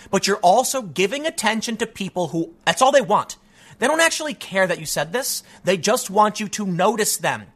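A man hosting an online show, giving emphatic, opinionated solo commentary. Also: sits high. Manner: emphatic, animated, acts out quoted voices.

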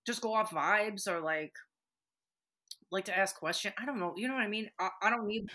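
A woman's voice: medium pitch, moderate pace, crowd noise. A woman guest on a podcast, talking casually with plenty of fillers and frequent swearing. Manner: chatty, swears freely, many fillers. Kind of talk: casual chat.

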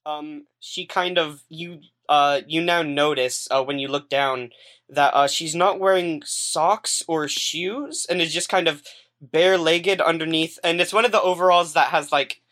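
A woman's voice: sits low, a little slow, a bit bright. A woman narrating a tabletop game as game master, hesitant with many fillers.

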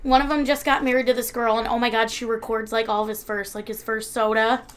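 A woman's voice: a little high, little pitch movement, quick pace, clean tone. A young woman co-hosting a casual podcast chat, laughing often, swearing freely and mimicking people as she retells stories. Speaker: podcast co-host.

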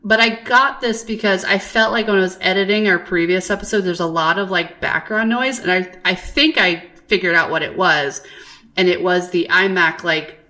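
A woman co-hosting a podcast, chatting casually and telling stories in an animated, profane way. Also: on the low side, moderate pace. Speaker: podcast co-host. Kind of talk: casual chat.

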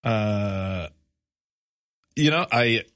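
A man's voice: fairly low pitch, lively intonation, very slow, a bit bright, dry recording, clean studio sound. A man chatting casually as a podcast co-host, laid-back and teasing. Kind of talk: casual chat.

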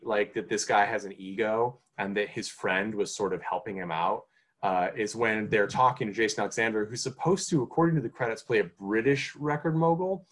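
A man with a medium-pitched voice co-hosts a podcast, chatting casually about a film. He rambles, with lots of fillers and restarts, and grows animated as he goes.

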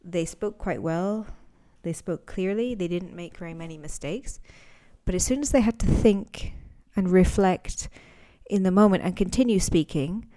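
A woman with a low, mellow voice gives an unscripted podcast lesson on speaking English. She talks thoughtfully, pausing to search for words and often restarting her sentences. She sounds warm and unhurried, like a teacher explaining from experience.

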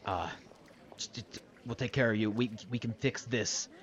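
A man voicing an old human sorcerer who speaks low and quietly, hesitating with many "uh"s. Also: normal speed, lo-fi sound, close to an everyday voice. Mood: reassuring. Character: old male human sorcerer, fussy and reassuring.

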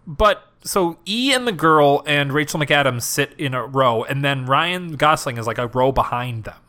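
A man's voice: fairly high pitch, expressive, moderate pace, pushed and bright. A man co-hosting a podcast, chatting casually and wryly about a movie, swearing freely. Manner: profane, wry, mocks characters in quoted voices. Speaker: podcast co-host. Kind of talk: casual movie-review chat.

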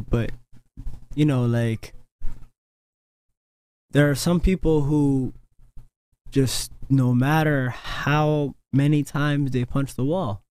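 A man's voice: medium pitch, fairly even intonation, slow pace, pauses often, a little mellow, smooth, no room sound. A man in casual chat, talking hesitantly with many fillers.

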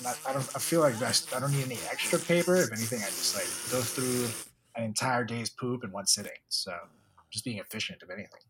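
A man's voice: medium pitch, a little fast, noisy background. A young man co-hosting a podcast, trading sarcastic, teasing banter and swearing freely. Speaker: podcast co-host. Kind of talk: casual joking chat.

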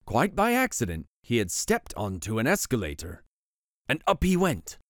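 Animated storybook reader with a dry close voice. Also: male voice, medium pitch, normal speed, no echo. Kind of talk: reading a bedtime picture book aloud.

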